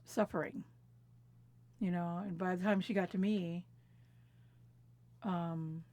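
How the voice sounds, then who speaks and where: A woman in her fifties from California telling family memories in a reflective, unhurried way, laughing softly at times. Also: fairly low pitch, fairly even intonation. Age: 50s. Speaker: interviewee. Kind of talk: personal storytelling conversation. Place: quiet recording booth.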